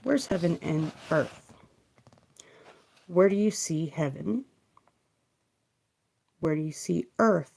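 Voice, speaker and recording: A woman talks slowly and softly on a live stream, her lowish voice catching into gravel at the ends of phrases. She rambles from one question to the next, trailing off, and keeps her volume down near the mic. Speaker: livestream tarot reader. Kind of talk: soft-spoken livestream musing. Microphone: close mic, kept quiet for live stream.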